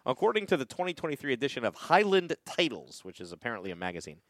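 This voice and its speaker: A man's voice: medium pitch, sing-song, a bit bright, no echo, clean studio sound. A man with a New York accent hosting a trivia podcast in casual, bantering chat. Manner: bantering, quick to laugh.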